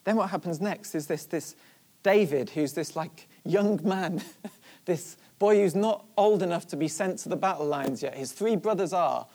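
A preacher in the middle of a sermon, retelling a story with animated energy and a mid-range voice. The talk is driven by rhetorical questions aimed at the listeners. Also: medium pitch, moderate pace.

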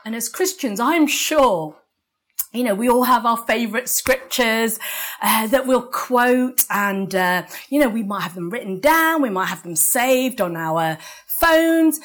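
Unhurried English woman preaching. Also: sits high. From England. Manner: conversational, asks the congregation for amens, laughs at herself. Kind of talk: sermon.

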